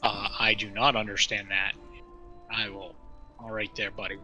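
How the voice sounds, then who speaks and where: A man's voice: fairly low pitch, level tone, normal speed, bright, forceful tone, faint music behind, poor audio. A man taking part as a player in a tabletop game, talking in a casual, exasperated way.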